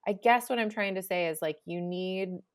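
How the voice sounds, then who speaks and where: Low-voiced woman, earnest podcast host. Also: normal speed, dry recording, studio quality. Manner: reflective, speaking straight to listeners.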